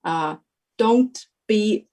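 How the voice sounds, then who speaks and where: A young woman telling her story as a guest, slowly and hesitantly, in careful non-native English with many pauses and fillers. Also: mid-range voice, expressive, darkish tone. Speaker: guest sharing a testimony. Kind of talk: casual spoken testimony.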